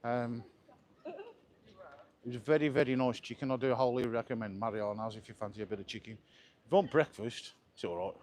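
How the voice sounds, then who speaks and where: Walking through crowded resort streets with a handheld camera, this man keeps up chatty, enthusiastic commentary for his live travel vlog. He talks fairly quickly at a medium pitch, his tone darkish, leaving long pauses.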